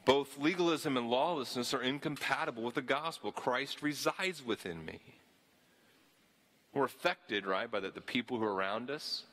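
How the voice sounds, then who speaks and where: A man's voice: medium pitch, moderate pace, a bit bright. A man from the Southern US preaching a sermon with a slight Southern accent, earnest and often repeating words as he restarts his phrases. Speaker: pastor.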